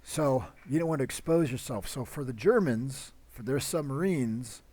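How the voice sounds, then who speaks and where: A man's voice: medium pitch, animated, normal speed, darkish tone, slightly rough. A man teaching a history lesson in a loose, conversational way, full of fillers and little acted-out quotes. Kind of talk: casual classroom lecture.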